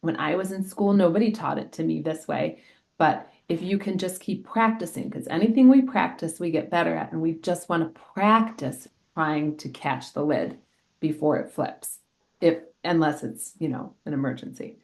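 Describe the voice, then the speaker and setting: A middle-aged woman, an elementary school health educator, explaining in a lively way with examples in a casual interview. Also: low-pitched, moderate pace, gravelly.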